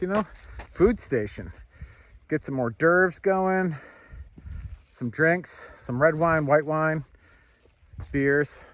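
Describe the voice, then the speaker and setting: A man vlogging outdoors while walking his dog, rambling and thinking out loud with fillers, and slipping into high sing-song baby talk when he talks to the dog. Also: a little hiss or hum. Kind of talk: casual outdoor vlog chat. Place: outdoors, walking near trees. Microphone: handheld camera.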